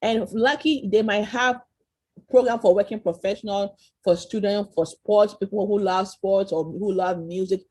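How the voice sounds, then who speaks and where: A woman leads an interactive online lesson over a video call, with a voice of middling pitch. She is encouraging and keeps quizzing the group. She tags her points with quick checks like "right?" and "okay?". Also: fairly even intonation, darkish tone. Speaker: virtual tour presenter.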